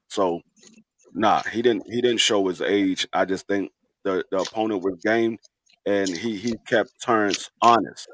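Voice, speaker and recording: Low-voiced man breaking down a fight. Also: slight background noise. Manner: steady analytical explaining, repeating words. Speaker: podcast co-host. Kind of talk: casual sports podcast talk.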